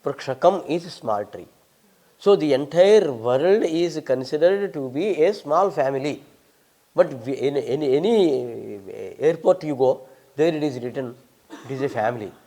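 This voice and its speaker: An older man from India, visiting as a Sanskrit scholar, responds to audience questions in Indian-accented English with a lecturing emphasis and dry wit. His voice is on the high side and mellow, with lively intonation at a normal speed.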